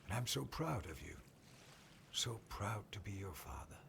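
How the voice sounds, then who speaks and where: A loving, worried father in a game. His voice is deep and gravelly, his reading earnest and tender. Lapping water and ambience hiss behind him. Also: very animated, normal speed. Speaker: father writing to his daughters.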